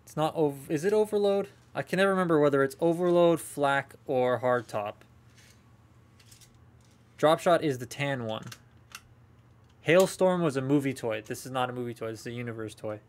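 A man's voice: mid-range voice, normal speed, pauses often. Chatty man unboxing toys live. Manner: rambling and chatty, talking to live chat. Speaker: toy collector streaming a haul unboxing. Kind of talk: casual live unboxing chat.

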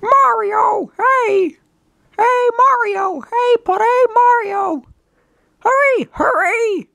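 A woman voicing a small, excitable mushroom retainer who talks in a squeaky, hurried way. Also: creaky, no echo, heavily acted. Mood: urgent.

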